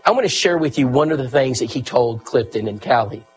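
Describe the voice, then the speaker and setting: Earnest husky preacher man. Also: medium pitch, expressive, fairly quick, faint music behind, rough recording. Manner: earnest, emphatic, quotes people in the story. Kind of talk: sermon storytelling.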